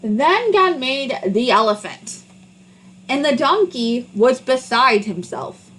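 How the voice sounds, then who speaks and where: Expressive woman reading a children's book. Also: sits high, slow pace, slightly rough, rough recording. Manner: expressive, sing-song delivery. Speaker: storybook reader. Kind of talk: children's book read-aloud.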